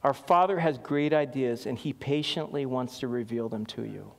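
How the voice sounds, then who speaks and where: A man's voice: medium pitch, moderate pace, gravelly. A middle-aged man, preaching a sermon as pastor, telling stories with laughs and acting out quotes. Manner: animated storytelling with laughs and acted quotes. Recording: long hall reverb.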